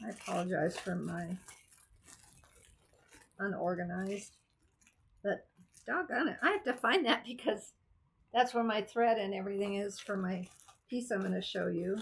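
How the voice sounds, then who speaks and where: A woman's voice: medium pitch, measured pace, gravelly, pauses often, slight background noise. A woman vlogger chatting casually about her cross stitch projects, rambling and thinking aloud as she goes. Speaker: craft vlogger. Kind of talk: casual chat.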